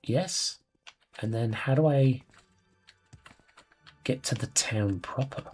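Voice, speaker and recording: A man's voice: mid-range voice, slow pace, darkish tone, husky, soft background music. A man casually commentating his own gameplay, chatty, playful and sweary. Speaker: let's play host.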